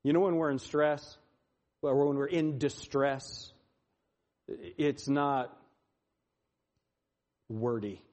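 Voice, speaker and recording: A man preaching a sermon, swinging from loud, pleading lines to hushed, quiet ones. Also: medium pitch, fairly even intonation, takes it slowly, pauses often, highs cut off. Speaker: pastor.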